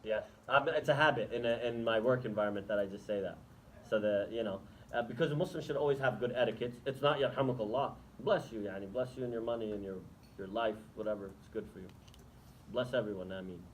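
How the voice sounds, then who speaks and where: A man's voice: on the low side, quick pace, slight background noise, rough recording. A man giving an Islamic lecture to students, talking conversationally and asking the audience rhetorical questions, then taking questions. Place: lecture room.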